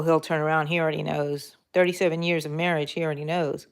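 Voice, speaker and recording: A woman's voice: sits low, steady tone, a little fast. A middle-aged woman, chatting casually with live viewers while she crochets. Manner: chatty, laughing, talks to viewers. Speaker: crochet vlogger.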